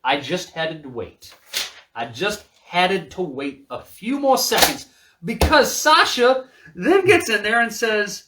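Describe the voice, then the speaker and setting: A man recaps wrestling matches from his notes in loose, profane podcast chat. His voice sits fairly high and swings widely in pitch as he gets worked up. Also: very animated, unhurried, fairly bright tone. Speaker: podcast co-host.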